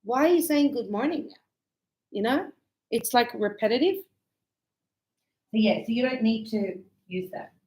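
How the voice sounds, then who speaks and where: A woman's voice: fairly high pitch, unhurried, pauses often, rough recording. Chatty woman teaching English. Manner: chatty, animated, acts out examples with raised calls. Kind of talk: classroom lesson.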